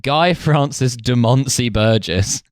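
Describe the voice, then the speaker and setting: A man's voice: mid-range voice, expressive, slow pace, no room sound. Jokey male podcast host, dry close mic. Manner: jokey, laughing often, many fillers. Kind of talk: casual comedic chat, reading notes.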